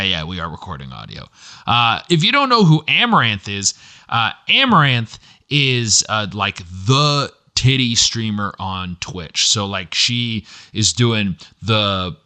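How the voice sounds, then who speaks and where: A man hosts a solo podcast from his computer, speaking animatedly and swearing freely while his pitch jumps between high and low.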